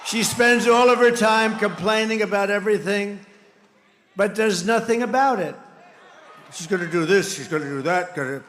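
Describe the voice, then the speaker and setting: A man's voice: high voice, normal speed, a bit bright, slight background noise. A man giving a campaign rally speech at a podium microphone, combative and repetitive, with mocking asides. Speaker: political candidate. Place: large rally venue.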